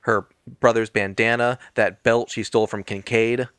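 Man, podcast co-host, wry deadpan recap, dry close sound. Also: on the low side, moderate pace, clear, resonant tone, dry recording. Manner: wry, deadpan plot recapping with jokey voices. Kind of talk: casual movie recap chat.

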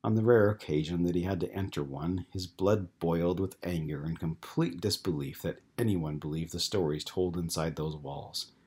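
Male audiobook narrator, very low voice, husky, calm, even. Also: moderate pace, few pauses. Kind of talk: scripted narration.

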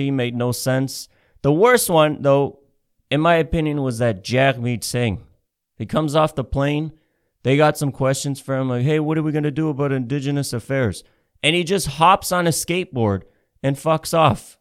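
A man's voice: mid-range voice, smooth. Man, stand-up comic from Canada, swearing, rambling, repeats himself, restarts lines. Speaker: stand-up comedian. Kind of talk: stand-up comedy set.

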